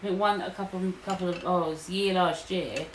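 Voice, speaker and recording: A woman's voice: fairly low pitch, fairly quick. A woman co-hosting a podcast, telling a story in casual chat and acting out what other people said. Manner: animated, acts out quotes. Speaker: podcast co-host. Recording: echoey room, faint noise.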